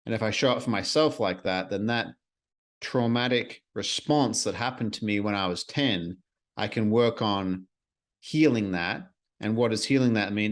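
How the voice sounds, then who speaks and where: A man hosting a solo podcast, talking earnestly and reflectively in a casual way, with the odd swear word. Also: on the low side. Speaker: podcast host.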